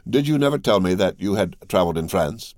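A cool, imperious nobleman in a storybook reading, speaking in a deep, measured voice. A man puts him on in his own low register, recorded close and dry. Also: animated, darkish tone, no echo. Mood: commanding. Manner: commanding, measured. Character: imperious older male count, cold master.

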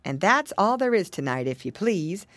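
Brief: woman narrator for a children's audiobook, lively sing-song delivery, dry close sound. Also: on the low side, moderate pace, dry recording. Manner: expressive, sing-song storytelling. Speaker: audiobook reader.

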